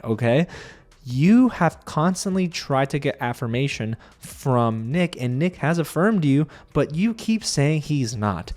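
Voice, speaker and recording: A man's voice: mid-range voice, a little mellow. A man giving a casual, sarcastic recap of a reality show, talking straight to his viewers with lots of animation.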